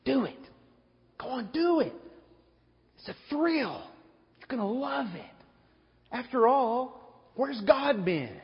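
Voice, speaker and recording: A man's voice: very high-pitched, very animated, slow pace, pauses often, pitched above the performer's own voice, heavily acted. A man voicing the devil as a sly male tempter who needles with mocking questions, in an echoey hall on a dull, lo-fi recording. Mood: coaxing.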